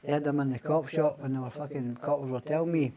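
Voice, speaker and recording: A man's voice: fairly high pitch, steady tone, fast talker, mellow. A middle-aged Scottish man, a podcast guest, telling rambling, profane stories and acting out the other people's lines. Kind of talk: casual storytelling.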